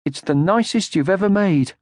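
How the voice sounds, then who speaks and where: A man doing a gentle young troll. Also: sits high, expressive, normal speed, no room sound, clean studio sound, pitched above the performer's own voice. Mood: earnest. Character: young male troll creature, gentle and earnest. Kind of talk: audiobook character voice.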